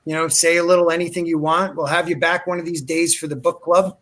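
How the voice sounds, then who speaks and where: A fairly high-voiced man hosting a casual live podcast. He talks loosely and with eager enthusiasm, tossing around dude and brother. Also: little pitch movement, fast talker, a bit bright. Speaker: podcast host. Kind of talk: casual live-stream chat.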